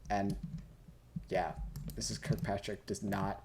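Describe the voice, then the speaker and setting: Young man, tipsy, lowish voice, rambling jokes, casual swearing, gaming host, keyboard clicks behind. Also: flat delivery, slow pace, vocal fry, background noise. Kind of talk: casual Q&A while playing a game.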